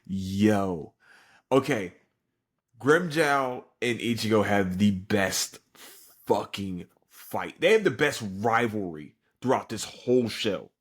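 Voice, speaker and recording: A man's voice: fairly low pitch, expressive, takes it slowly, breathy edge. A tired man hosting a podcast, recapping an anime episode in a rambling, profane way with lots of fillers. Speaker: podcast host.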